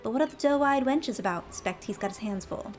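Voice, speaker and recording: A woman's voice: fairly high pitch, animated, fairly quick, soft background music, natural voice. Woman putting on a brash Southern pirate boss. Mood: gruff teasing. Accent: put-on American Southern. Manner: gruff, bawdy, teasing. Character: brash rough-talking male pirate guild boss. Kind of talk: reading game dialogue aloud on a stream.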